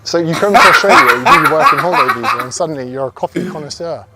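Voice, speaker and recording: A man's voice: on the high side, lively intonation, very fast, heavy background noise. A young English man vlogging about life abroad, chatty and blunt, swearing freely. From England. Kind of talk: casual travel vlog.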